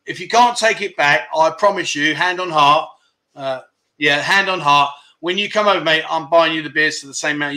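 A man's voice: fairly high pitch, pushed and bright. A middle-aged man, hosting a casual livestream, chatting with viewers and calling them mate. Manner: chummy banter, calls viewers "mate" and "my friend". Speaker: livestream host. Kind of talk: casual livestream chat, reading viewer comments. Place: home.

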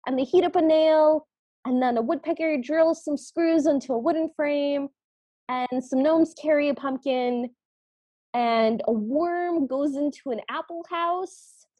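A woman co-hosting a podcast, retelling a cartoon in vivid, deadpan detail. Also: high voice, measured pace, no echo. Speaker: podcast co-host. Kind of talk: casual recap chat.

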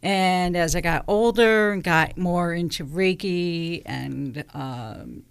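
A woman's voice: lowish voice, takes it slowly, vocal fry, clean tone. A woman guest who runs a crystal shop, talking in an easygoing way and explaining with anecdotes. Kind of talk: casual interview talk.

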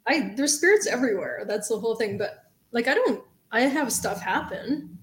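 A woman co-hosting a podcast in casual chat, playful and quick to laugh. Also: on the high side, lively intonation, roomy sound, rough recording. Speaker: podcast co-host.

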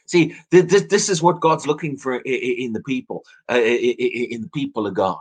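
A man's voice: medium pitch, a little fast. A man preaching an evening sermon, earnest, often repeating words as he restarts his phrases.

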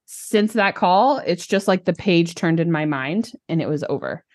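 A woman co-hosting a casual podcast chat, telling stories with lively acted-out quotes. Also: fairly low pitch, normal speed, no echo, studio quality. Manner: animated storytelling, acts out quoted lines. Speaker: podcast co-host, business coach.

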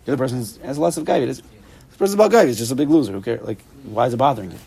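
A man teaches an informal group class in an animated, playful way, his pitch swinging up and down. His voice has a gravelly edge, and he keeps asking rhetorical questions. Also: very fast.

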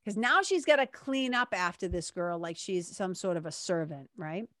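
A woman's voice: fairly low pitch, expressive, normal speed, a bit bright, no echo, clean studio sound. A woman telling a story in a casual, candid way, swearing now and then and acting out what other people said. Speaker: vlogger.

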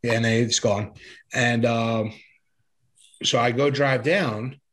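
A man's voice: mid-range voice, fairly even intonation, slow pace, a bit bright. A man in an interview, telling his own story in a rambling, casual way, with many fillers, restarts and curse words. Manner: rambling, filler-heavy, frequent restarts and swearing. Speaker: guest sharing his recovery story.

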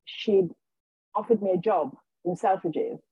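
A woman, a guest on a podcast, telling her personal story in an animated way and acting out what people said to her. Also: mid-range voice, unhurried, slightly rough, dry recording, narrow, tinny audio. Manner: animated, acts out quoted dialogue. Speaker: guest, healer and intuitive.

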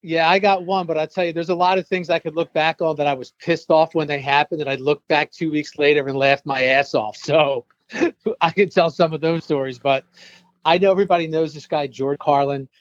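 A man's voice: fairly high pitch, steady tone, a little fast, no echo, lo-fi sound. A man co-hosting a podcast, chatting bluntly with salty language. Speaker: podcast co-host. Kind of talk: casual chat.

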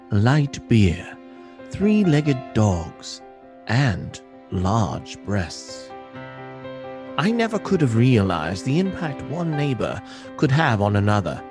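Slow, dramatic male narrator over music. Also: mid-range voice, darkish tone. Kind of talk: scripted comic narration.

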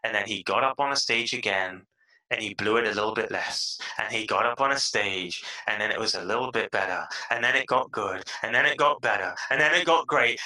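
A middle-aged man as a podcast guest, giving motivational advice in an animated way and acting out excited inner voices. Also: mid-range voice, fairly quick, poor audio. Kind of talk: motivational interview talk.

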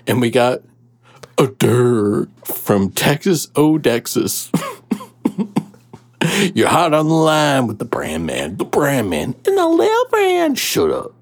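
A man's voice: mid-range voice, wildly swooping pitch, slow pace, heavily acted. A man playing a crude, rambling shock-jock radio DJ who takes callers and laughs between his quips. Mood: brash.

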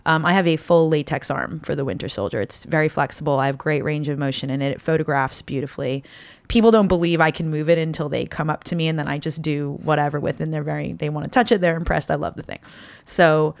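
Woman, 30s, cosplayer guest. Animated storyteller, gravelly, close dry sound. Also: sits low, quick pace, dry recording. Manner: animated storyteller, laughs often. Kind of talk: casual podcast chat.

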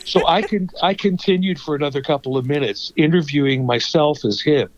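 A man's voice: a little high, fairly quick, highs cut off, noisy background. A man, a former radio host and songwriter, tells stories in conversation and acts out the people in them. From Toronto, Canada. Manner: animated storyteller, acts out the voices of people in his stories. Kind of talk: anecdotal storytelling in a conversation.

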